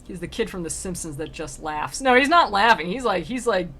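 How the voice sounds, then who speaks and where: A woman's voice: fairly low pitch, animated, fairly quick, hardly any pauses, fairly bright tone, slightly rough. A woman streamer giving casual, chatty commentary on a classic poem, with plenty of filler words and an amused tone.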